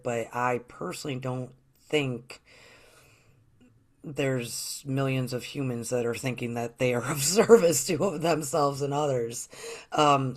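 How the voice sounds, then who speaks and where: A woman hosting a spiritual interview show, talking in an earnest, chatty way with long, rambling questions. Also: extremely low pitch. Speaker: host.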